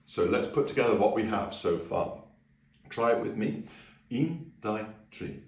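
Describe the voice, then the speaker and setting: In a room with a piano, a deep-voiced music teacher gives a relaxed singing lesson at a moderate pace, explaining each step and singing lines to demonstrate. His manner is friendly and easygoing, and the echoey room plus his distance from the mic give a far-off sound.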